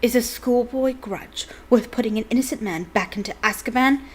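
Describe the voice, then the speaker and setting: An earnest male wizard teacher, as a woman reads him aloud. He speaks softly but with urgency, steady and pleading. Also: fairly high pitch, normal speed, slight background noise, pitched above the performer's own voice, close to an everyday voice. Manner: urgent yet soft.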